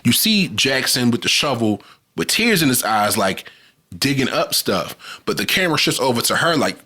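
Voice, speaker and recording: A man co-hosting a podcast, casually recapping a movie plot in a lively storytelling way, with lots of filler words. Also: mid-range voice, normal speed, breathy edge. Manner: lively storytelling with frequent "like" fillers, acts out quotes. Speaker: podcast co-host.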